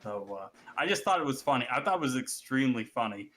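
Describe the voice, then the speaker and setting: A man's voice: mid-range voice, animated, fast talker, fairly bright tone. A man in a casual group chat, telling a long rambling story full of swearing and restarts.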